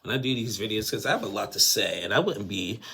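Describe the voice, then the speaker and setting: Man, low gravelly voice, opinionated casual recap host, filler-heavy. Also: lively intonation, quick pace, bright, forceful tone. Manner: chatty, opinionated, full of fillers. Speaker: reality TV recap creator.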